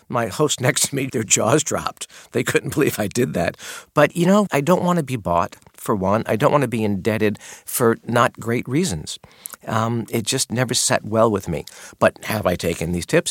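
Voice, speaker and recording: A man with a lowish voice tells candid stories from his years running dining rooms, slipping into the voices of guests and staff. The sound is dry and close, like a studio microphone. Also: no room sound. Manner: candid storyteller, acts out customer exchanges. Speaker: guest, restaurant maitre d'. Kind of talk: radio interview conversation.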